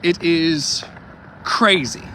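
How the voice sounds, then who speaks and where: A man's voice: a little high, extremely slow, sharp tone, a little hiss or hum. A man vlogging outdoors while walking, talking emphatically and repeating himself, with asides to his viewers. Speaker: activist vlogger. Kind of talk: impassioned street vlog.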